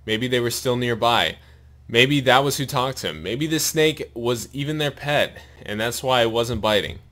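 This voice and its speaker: A man reading a long story aloud in a steady narrating voice, his mouth sore and bleeding after a wisdom tooth removal. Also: mid-range voice, moderate pace. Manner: steady read-aloud narration with pained asides.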